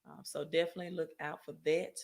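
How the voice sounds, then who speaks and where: A woman's voice: deep voice, level tone, fast talker, creaky. A woman hosting a casual finance livestream, talking loosely to viewers, often checking in with "right?" and correcting herself mid-sentence. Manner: chatty, frequent "right?" tag questions and self-corrections. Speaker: credit and finance livestream host.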